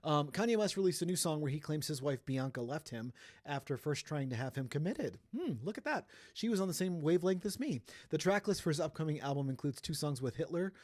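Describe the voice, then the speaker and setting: A man's voice: fairly high pitch, expressive, fairly quick, darkish tone, dry recording, studio quality. A man hosting a casual pop culture news podcast, talking in a playful, chatty way. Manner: chatty, playful, jumps into sung sounds and silly voices. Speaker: podcast host.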